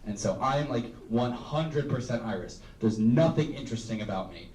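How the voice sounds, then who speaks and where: A man's voice: medium pitch, expressive, moderate pace, darkish tone, a little hiss or hum. A young man doing a stand-up comedy set, rambling and self-deprecating, full of "um" and "like". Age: young adult. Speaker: student stand-up comic. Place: live comedy room with audience. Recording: roomy, distant live recording.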